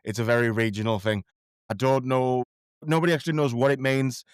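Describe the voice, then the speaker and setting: A man's voice: medium pitch, fairly even intonation, fairly quick, smooth, no room sound, clean studio sound. A man talking as a podcast guest in a casual chat, rambling and self-deprecating, often tripping over his words.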